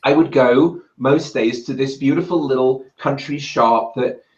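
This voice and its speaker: A man with a British accent, a guest telling lively anecdotes and acting out other people's shouted lines. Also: mid-range voice, unhurried. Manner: lively, acts out quoted voices loudly. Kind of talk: anecdotal storytelling in a conversation. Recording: roomy and muffled.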